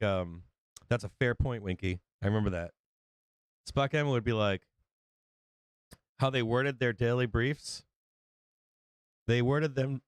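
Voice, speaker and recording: A man's voice: mid-range voice, clear, resonant tone, dry recording. Male stream host, loose profane rambler, clean dry close sound. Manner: rambling, swears a lot, acts out quotes. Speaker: livestream trading host. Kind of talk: casual profane chat.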